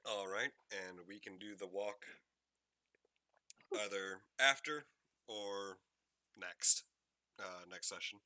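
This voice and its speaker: Bright-voiced male game master. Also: fairly low pitch, slow pace, long pauses. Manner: relaxed, conversational, with many fillers. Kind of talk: narrating a tabletop game.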